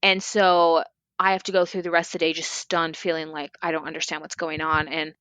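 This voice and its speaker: A woman guest on a podcast telling a personal story in a candid, expressive way, often saying "like". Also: low-pitched, fairly quick, no room sound. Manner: candid, expressive, fills speech with "like".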